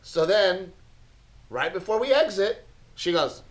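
Animated, exasperated man telling a story. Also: sits high, a little slow. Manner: animated storyteller, acts out both sides, exasperated. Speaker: podcast co-host. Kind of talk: casual bickering podcast chat.

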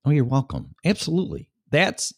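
A man's voice: medium pitch, huge pitch swings, brisk, breathy edge, no room sound, studio quality. A man hosting a show, talking casually and bluntly to a listener with plenty of swearing. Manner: blunt, profane, talks straight to a listener. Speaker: show host.

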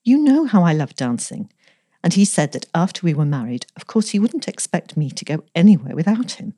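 A woman's voice: lowish voice, big pitch swings, brisk, mellow, husky, no room sound, studio quality. A woman voicing a tearful, petulant young office girl who pleads and whines. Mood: wailing. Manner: whiny, pleading, breathless.

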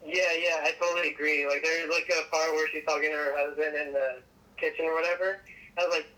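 Bright-voiced laid-back man. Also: on the high side, little pitch movement, fast, poor audio. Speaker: podcast co-host. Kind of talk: casual film chat.

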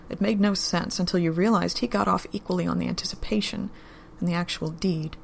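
A woman narrating a story in a steady, unhurried audiobook-style reading. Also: fairly low pitch, vocal fry, a little hiss or hum.

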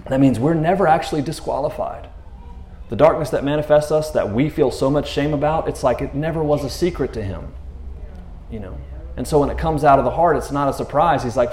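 A man talking casually about scripture in a laid-back, slangy way, retelling stories with lively asides. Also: medium pitch, a little fast. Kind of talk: casual faith talk. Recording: roomy echo.

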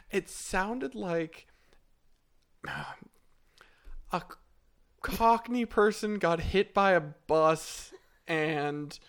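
A man's voice: high-pitched, lively intonation, very slow, long pauses, fairly bright tone, clean tone. A man co-hosting a podcast, giving a blunt, opinionated take on a movie in casual chat. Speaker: podcast co-host.

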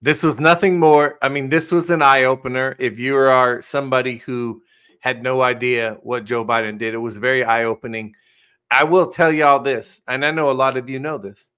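A man with a bright, forceful voice co-hosts a loose political talk show. He speaks emphatically and turns to address his viewers directly, pressing each point hard. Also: medium pitch, fairly even intonation, normal speed, clean tone. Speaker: co-host. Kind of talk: casual political commentary.

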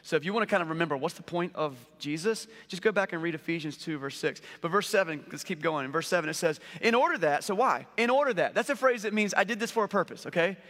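A man in his forties preaching a conversational sermon, telling stories with lively rhetorical questions. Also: fairly high pitch, quick pace, few pauses. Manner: animated storytelling with rhetorical questions. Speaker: pastor. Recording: long hall reverb.

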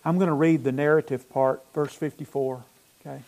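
Animated Southern preacher, high voice. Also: male voice, a little fast. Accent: Southern US, Alabama. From North Alabama. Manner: animated, rising to loud emphatic bursts while retelling scripture. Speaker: pastor. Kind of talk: sermon. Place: church.

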